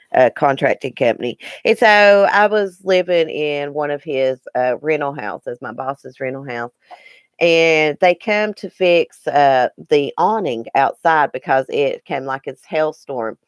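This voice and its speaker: A woman's voice: low-pitched, no room sound, studio quality. A middle-aged woman from Southwest Virginia with a Southern Appalachian accent, chatting folksily with her live viewers and calling them by name. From Southwest Virginia, grew up partly in Eastern Kentucky. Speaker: livestream host. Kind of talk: casual chat with live viewers.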